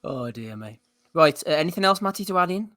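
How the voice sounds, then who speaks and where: Laughing host, bright dry voice. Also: male voice, fairly high pitch, sing-song, fairly quick, no echo. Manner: laughs often, steers the chat. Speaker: podcast host. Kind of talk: casual podcast hosting.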